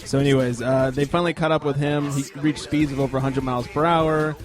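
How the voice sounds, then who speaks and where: A man's voice: medium pitch, steady tone, quick pace, over music. A man hosting a casual sports talk podcast, running through news items with dry, joking asides.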